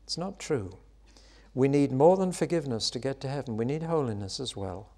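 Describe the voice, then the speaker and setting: A man preaching a sermon, expressive, building to loud, high exclamations and dropping back to soft, quiet lines. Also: a little fast.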